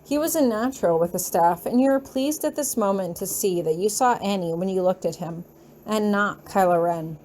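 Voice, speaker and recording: Mellow woman narrating fan fiction. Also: mid-range voice, moderate pace, slight background noise. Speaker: audiobook reader.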